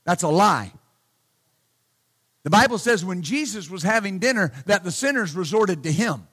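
A male pastor preaching a sermon bluntly and emphatically, often saying hallelujah and shouting his key points. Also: high-pitched, lively intonation, normal speed.

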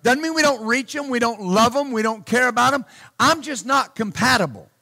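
A male pastor preaching a sermon bluntly and emphatically, often saying hallelujah and shouting his key points. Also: very high voice, a little fast.

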